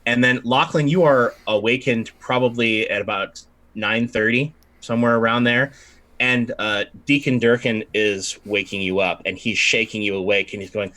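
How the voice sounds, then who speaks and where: A man narrating as game master of a tabletop game, relaxed and rambling, correcting himself as he goes. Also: mid-range voice, normal speed.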